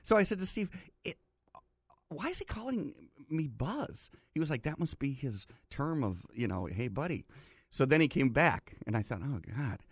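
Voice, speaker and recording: A man's voice: fairly high pitch, sing-song, moderate pace, breathy edge, dry recording, studio quality. A man telling an anecdote on a chat show, acting out other people's lines as he goes. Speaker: show regular telling a story. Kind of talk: casual studio chat.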